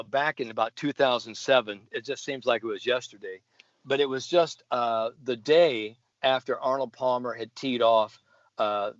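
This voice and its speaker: A middle-aged American man, a sports psychologist, telling a folksy story with animated asides and laughs. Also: mid-range voice, no room sound, lo-fi sound. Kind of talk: casual storytelling.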